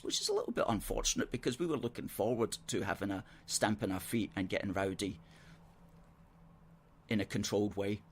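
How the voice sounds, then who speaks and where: Husky-voiced man hosting. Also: fairly low pitch. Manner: measured, earnest, argues point by point. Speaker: host of a political call-in show. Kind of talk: political commentary and reading viewer comments. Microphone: studio microphone.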